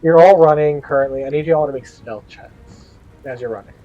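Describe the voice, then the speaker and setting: A game master narrating a tabletop game in a halting way, with many fillers. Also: medium pitch, phone-quality sound, faint music behind.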